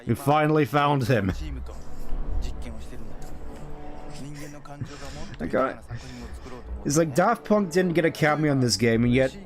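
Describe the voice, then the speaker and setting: A man's voice: a little high, expressive, moderate pace, music in the background. A man streaming a video game, rambling in casual commentary and reading item names aloud.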